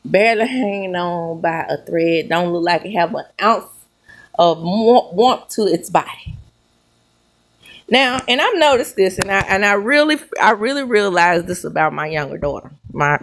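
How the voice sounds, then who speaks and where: A middle-aged woman with a Southern accent, hosting a sassy, animated commentary show with drawn-out emphasis. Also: mid-range voice. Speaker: host. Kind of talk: casual commentary.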